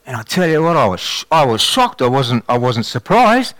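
A man telling a faith testimony in a sermon, with animated storytelling and frequent restarts. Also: medium pitch, normal speed, dry recording. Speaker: lay preacher giving testimony.

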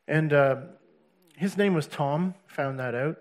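A man's voice: fairly high pitch, slow pace. A man giving a personal church testimony, telling his story earnestly with restarts and laughs.

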